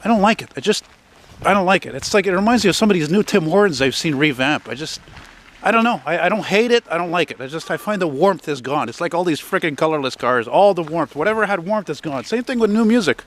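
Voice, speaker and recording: A man's voice: fairly high pitch, lively intonation, fast talker, fairly bright tone. A middle-aged man from Canada, narrating a casual walking vlog outdoors on a residential street, chatting and rambling with a nostalgic streak and the odd curse. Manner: rambling, chatty, wistful, sprinkled with swearing. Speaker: vlogger.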